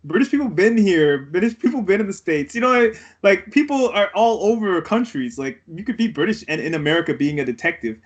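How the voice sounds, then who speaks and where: A man's voice: high voice, expressive, brisk, few pauses, dull audio. A man co-hosting a casual podcast chat, asking questions and laughing along. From Trinidad. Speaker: podcast co-host.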